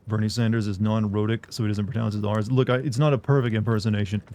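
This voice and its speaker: A young male streamer with a mellow, dark voice chats with his viewers while he plays. He rambles loosely and jokes around. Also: fairly low pitch, fairly even intonation, fast talker. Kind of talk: casual live-stream chatter.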